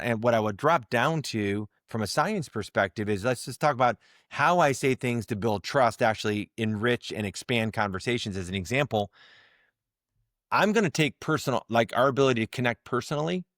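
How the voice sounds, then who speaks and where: Man, podcast guest, casual interview, animated, lots of restarts, mid pitch, dry close sound. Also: fairly quick, no room sound. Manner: animated, explains through examples and acted-out tones; many restarts and repeated words. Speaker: guest, leadership communication coach.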